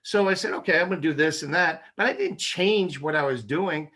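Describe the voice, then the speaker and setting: Bright, forceful male interview guest. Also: fairly high pitch, fairly quick. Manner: emphatic, persuasive, punchy repetition. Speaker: guest, chiropractic neurologist. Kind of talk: casual interview chat.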